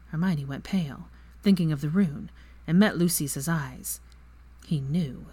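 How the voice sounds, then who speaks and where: A woman reading fan fiction aloud as narrator in a steady, even manner. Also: low-pitched, unhurried, breathy edge. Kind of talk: story narration.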